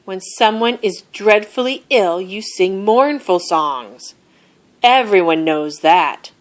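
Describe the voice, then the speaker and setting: Lady reading as a grouchy sick bear, raspy and dramatic, storybook voice, pitched up and swinging around a lot. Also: expressive, slow, pushed and bright. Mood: indignant. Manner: dramatic, complaining, rasping. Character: sick, grumpy, self-pitying male bear.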